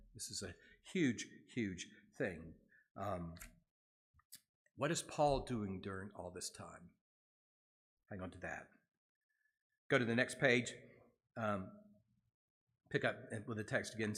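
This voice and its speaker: Man, slightly high pitch, church Bible study teacher, reads scripture then explains casually, ums and restarts. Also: fairly bright tone. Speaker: pastor leading Bible study.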